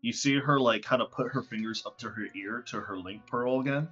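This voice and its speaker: A man with a medium-pitched, husky and fairly bright voice runs a tabletop game as game master, narrating briskly and casually with plenty of fillers. The recording is dull and lo-fi, with faint music behind him.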